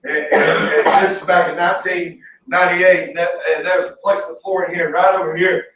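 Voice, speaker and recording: A Southern man in his thirties preaching a folksy, story-filled sermon with shouted bursts, heard from a distance in a church sanctuary. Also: high-pitched, level tone, a little fast, heavy reverb. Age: 30s. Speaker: pastor. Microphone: distant from the mic.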